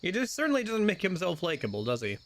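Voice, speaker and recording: A man's voice: sits high, wildly swooping pitch, fast talker, fairly bright tone, a little hiss or hum. A man streaming a video game, chatting casually with lots of fillers and wry asides. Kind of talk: casual gameplay commentary.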